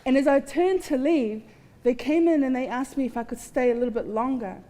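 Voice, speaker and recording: A woman's voice: high-pitched, fairly quick, warm tone, some chatter behind, a little hiss or hum. A woman giving a candid, heartfelt personal testimony with touches of self-mocking humor at a festival. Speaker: guest speaker. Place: festival stage in a large hall. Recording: long hall reverb.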